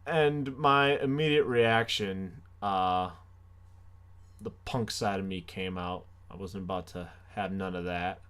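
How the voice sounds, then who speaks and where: A young man telling a comic story on his podcast, animated and self-mocking, with sarcastic asides. His voice sits fairly low for a man. He swings between hushed lines and excited outbursts. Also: unhurried, clean tone. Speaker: podcast host.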